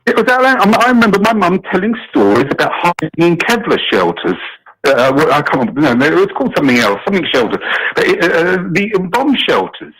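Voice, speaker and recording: A man's voice: on the high side, big pitch swings, a little fast, fairly bright tone, slightly rough, rough recording. A middle-aged British man calling in to a talk show, indignant and rambling, with many restarts. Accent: British English. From Britain. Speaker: caller. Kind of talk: phone-in call.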